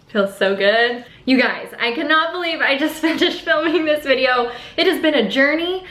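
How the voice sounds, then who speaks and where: A young woman chatting in a relaxed, upbeat way while doing her makeup as a vlogger. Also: high-pitched. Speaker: beauty vlogger. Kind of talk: casual get-ready-with-me chat. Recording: echoey room.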